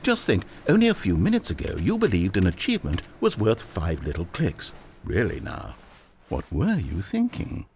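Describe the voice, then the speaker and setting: A man's voice: sits low, huge pitch swings, normal speed, a little mellow, slight background noise, heavily acted. An actor playing a wry, theatrical male narrator in a video game, speaking in an articulate way. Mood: smug calm.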